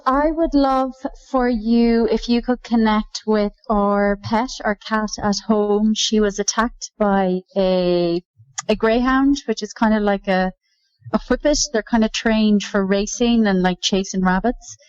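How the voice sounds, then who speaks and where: A woman's voice: mid-range voice, steady tone, a little mellow, clear, resonant tone. A woman from Ireland with an Irish accent, calling in to a show in a bubbly, friendly way. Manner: bubbly, friendly, talks fast. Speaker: caller. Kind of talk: phone-in chat. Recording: dull lo-fi line.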